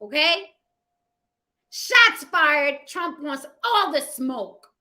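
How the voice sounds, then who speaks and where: A woman delivers casual opinion commentary with a sassy, profane edge, talking straight to her viewers. Her voice sits high and bright, and she takes her time over each point. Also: sing-song, very slow. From United States. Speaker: commentary vlogger.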